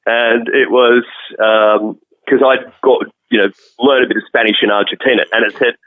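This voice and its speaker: A musician being interviewed, chatting casually and rambling with many restarts. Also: male voice, medium pitch, fairly even intonation, normal speed, no echo. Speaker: musician guest. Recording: tinny phone-like call audio.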